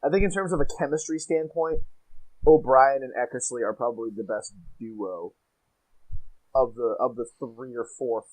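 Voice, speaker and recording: A man's voice: mid-range voice, moderate pace, a little mellow, rough recording. Young male co-host, mid voice, easygoing, stumbles and restarts. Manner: hesitant, restarts often, laughs easily. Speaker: podcast co-host. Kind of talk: casual sports podcast chat.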